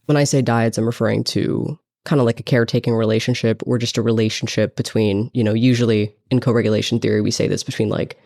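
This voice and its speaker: Gravelly-voiced man explaining research. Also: fairly low pitch, fairly even intonation, fast talker, few pauses, a little mellow. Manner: explains research steadily, filler-heavy with "like". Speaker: dog behavior consultant, guest. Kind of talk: explanatory interview answers.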